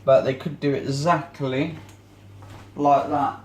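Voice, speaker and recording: A man's voice: a little high, steady tone, slow, darkish tone. A man chatting away casually as he cleans, rambling and groping for words. He is recorded on a camera left in an echoey home kitchen, with a faint hiss behind him. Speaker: vlogger.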